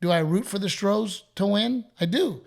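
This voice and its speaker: Man with Texan accent, podcast host, casual storytelling, voice a bit higher than most men. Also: moderate pace, vocal fry, darkish tone. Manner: storytelling, quotes others, laughs often. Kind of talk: casual chat.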